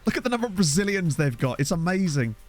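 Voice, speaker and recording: Male streamer, high, swooping voice, chatty and quick to laugh, desk mic. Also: soft background music. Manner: animated, laughs often, chats with viewers. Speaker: gaming streamer. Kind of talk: casual live-stream commentary. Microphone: USB desk microphone.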